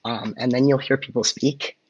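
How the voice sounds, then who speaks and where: A man's voice: mid-range voice, fairly even intonation, moderate pace, slightly rough, dry recording, highs cut off. A man co-hosting a podcast, explaining points in a casual chat and then demonstrating intonation by example, on a close mic. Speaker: podcast co-host.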